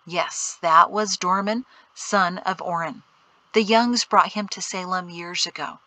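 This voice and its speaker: A woman reading aloud voices a calm, knowledgeable male guide who explains things steadily. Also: sits high, unhurried, no room sound, low-quality recording.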